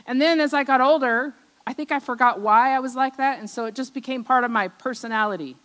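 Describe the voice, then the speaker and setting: A middle-aged woman preaching a personal testimony, telling stories from her childhood, acting out the voices she remembers and often trailing off softly. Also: sits high, brisk, poor audio. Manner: storytelling, acts out remembered voices, drops soft at ends of lines. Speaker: speaker at a church service.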